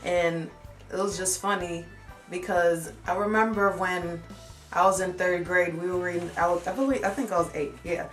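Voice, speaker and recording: A woman's voice: fairly low pitch, moderate pace, roomy sound, soft background music. A young woman vlogger telling a personal story in a candid, reflective way. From United States. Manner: candid, reflective, animated when retelling.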